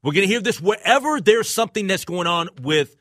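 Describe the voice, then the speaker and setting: A man's voice: fairly quick, no room sound, clean studio sound. A man hosting a radio talk show, chatting casually and agreeably with his co-host and a guest. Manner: conversational, agreeable, rises in pitch when excited.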